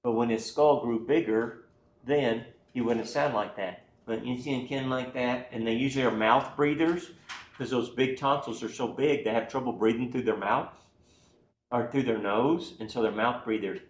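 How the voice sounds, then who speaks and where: A man's voice: mid-range voice, steady tone, moderate pace, slight background noise. A man giving a classroom anatomy lecture in a folksy way, often checking in with the class. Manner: folksy, keeps checking in with "right?" and "okay?". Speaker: anatomy instructor. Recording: echoey room, voice from far off.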